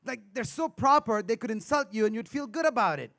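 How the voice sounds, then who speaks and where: A man's voice: very high voice, animated, brisk, fairly bright tone. A man doing stand-up comedy on a live stage, teasing the crowd with banter. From India.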